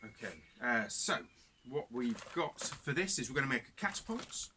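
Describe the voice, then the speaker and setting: A man's voice: medium pitch, animated, normal speed. A man leading cub scouts through activities in a casual instructional video, chatty and self-deprecating. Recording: background noise.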